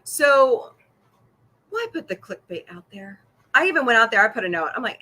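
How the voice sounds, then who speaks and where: A middle-aged woman hosts a loose, casual livestream chat, jumping between topics and laughing often. Her voice sounds bright, and she answers viewers' comments as she goes. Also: fairly high pitch, big pitch swings, normal speed. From Missouri. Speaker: podcast host.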